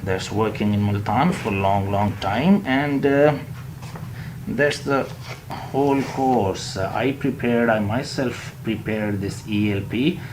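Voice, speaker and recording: Slow Pakistani English teacher modeling words. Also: male voice, fairly low pitch, background noise. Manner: slow, deliberate, repeats and models words with exaggerated stress. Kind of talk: online spoken English lesson.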